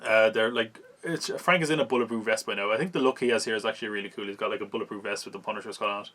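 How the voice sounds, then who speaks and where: A man's voice: lowish voice, very fast, a bit bright. Chatty man recapping a film. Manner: chatty, wry, laughs at the film. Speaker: podcast host reviewing a film. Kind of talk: casual solo film recap.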